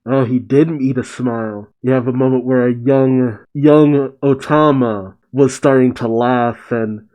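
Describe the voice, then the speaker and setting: A man's voice: mid-range voice, steady tone, measured pace, few pauses, highs cut off. A man casually recapping a comic chapter as a reaction host, swearing and reacting with feeling. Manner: casual, swears, emotional asides.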